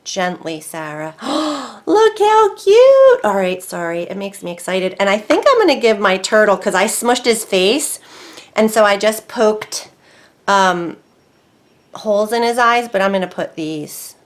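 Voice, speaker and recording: A woman hosting a casual crafting tutorial, chatty and easily excited, talking to herself as she works. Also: medium pitch, unhurried. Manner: chatty, excitable, talks to herself while working. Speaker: craft video host.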